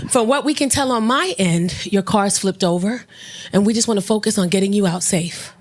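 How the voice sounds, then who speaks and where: A woman comedian telling a stand-up story, brash and profane, who jumps into loud, high shouts at the punchlines. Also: a little fast. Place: comedy stage with audience.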